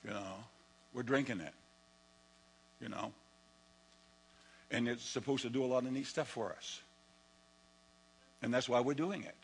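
A male pastor preaching a lively sermon and telling stories from his own life, sometimes acting out his younger self. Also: mid-range voice, unhurried, long pauses, husky, low-quality recording. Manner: animated storytelling, acts out his own past voice.

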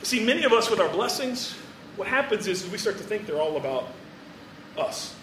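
A man's voice: sits high, big pitch swings, moderate pace, fairly bright tone, reverberant, recorded from a distance, a little hiss or hum, poor audio. A man preaching a sermon in a chatty, joking storytelling way, full of fillers.

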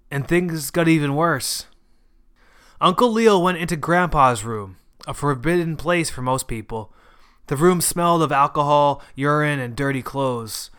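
A man's voice: on the high side, bright, forceful tone, smooth. A man reading a short story aloud as its narrator. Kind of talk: scripted narration.

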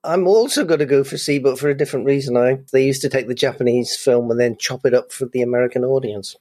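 A man's voice: medium pitch, fast talker, warm tone, no room sound, studio quality. A man on a podcast quiz, good-humoured and explaining his reasoning. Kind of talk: casual podcast chat.

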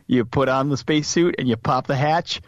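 A man's voice: medium pitch, a little fast, dry recording, muffled recording. A middle-aged man co-hosting a casual podcast, playful and wry, spinning extended jokey metaphors. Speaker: podcast co-host. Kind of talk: casual chat.

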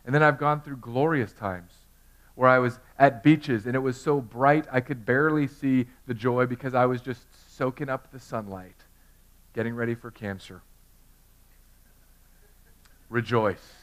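Animated male pastor preaching. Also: mid-range voice, moderate pace. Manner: animated preaching, swings from loud outbursts to quiet intimate tones. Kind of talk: sermon.

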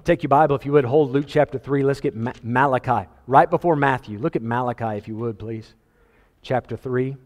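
A man preaching a sermon as pastor, animated, quoting scripture and acting out voices with a chuckle now and then. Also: medium pitch, brisk, long reverb tail. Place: church sanctuary.

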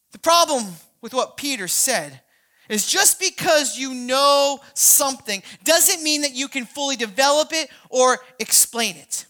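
Bright-voiced woman preaching with rising fervor. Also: high-pitched, animated, measured pace. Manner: conversational preaching that builds to shouting; frequent restarts and repeated words. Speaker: pastor. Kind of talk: sermon.

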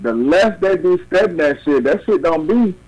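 Male talk show guest, high register, blunt and loose delivery. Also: lively intonation, moderate pace, darkish tone, poor audio. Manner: blunt, restarting, streetwise banter. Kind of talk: casual talk show chat.

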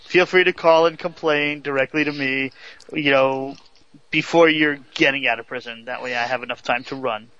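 A man's voice: mid-range voice, steady tone, moderate pace, pushed and bright, lo-fi sound. A man co-hosting a casual radio show, teasing and sarcastic toward his partner. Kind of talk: casual banter.

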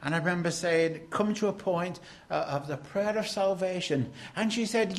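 An older man preaching a sermon, emphatic, swinging between loud declarations and hushed lines. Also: high voice, moderate pace, creaky, hardly any pauses.

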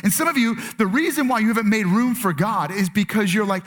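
High-voiced earnest male pastor. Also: fairly quick, hardly any pauses, fairly bright tone. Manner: earnest, conversational preaching with many fillers and restarts. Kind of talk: sermon. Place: church with multiple campuses and online stream.

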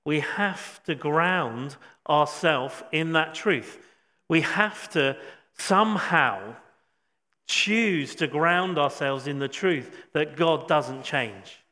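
A man preaching a sermon, reflective, with frequent pauses and restatements. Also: a little high, lively intonation, pushed and bright. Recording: long hall reverb.

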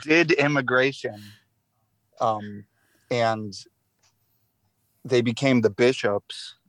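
A man's voice: mid-range voice, slow pace, fairly bright tone, no room sound. A man talking as a podcast guest in casual chat, rambling and swearing a lot, with self-deprecating jokes. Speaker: podcast guest, musician in a band.

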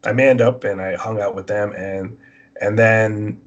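A man's voice: fairly low pitch, fairly even intonation, measured pace, lo-fi sound. A man casually telling a long personal story, acting out both sides of the dialogue in a rambling way.

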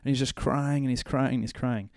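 Earnest pastor, dry close sound. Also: male voice, mid-range voice, steady tone, brisk, dry recording. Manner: earnest, heartfelt storytelling that turns to quiet prayer. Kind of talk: church class welcome and prayer. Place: church classroom.

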